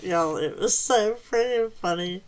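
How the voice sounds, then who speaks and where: A woman's voice: mid-range voice, unhurried, a little mellow, rough recording. A woman hosting a gaming channel, rambling through a casual story while she plays and laughing often. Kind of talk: casual chat while playing.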